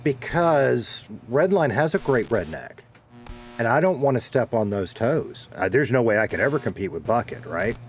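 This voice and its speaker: A man's voice: mid-range voice, very animated, normal speed, soft background music. A laid-back man with a Southern American accent, rambling casually to his stream chat, swearing now and then. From Southern United States. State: dehydrated.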